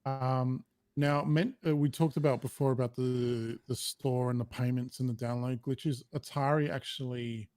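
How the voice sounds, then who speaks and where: A man's voice: mid-range voice, fairly even intonation, darkish tone, no room sound. Man, podcast host, casual chat, hesitant fillers, dry close mic. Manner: reads a statement aloud while trying not to laugh; halting, with many fillers and restarts.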